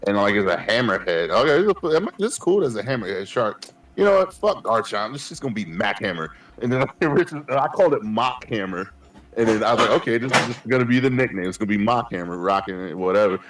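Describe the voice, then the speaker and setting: A man, co-hosting a podcast and telling animated, profane stories, acting out his past self. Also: on the low side, quick pace. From Queens, New York. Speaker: podcast co-host. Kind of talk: casual chat.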